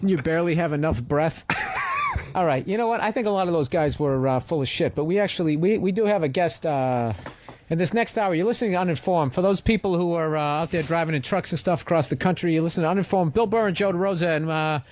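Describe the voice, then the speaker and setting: A man's voice: fairly high pitch, animated, fast talker, darkish tone, a little hiss or hum. A man co-hosting a radio comedy show in a studio, sarcastic and mocking toward callers. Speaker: radio co-host. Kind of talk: loose comedic radio banter.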